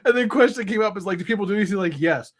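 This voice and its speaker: A man co-hosting a podcast, chatting casually and telling stories with animated retold quotes. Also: sits high, racing. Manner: animated storytelling, retelling quotes. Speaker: podcast co-host. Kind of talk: casual chat.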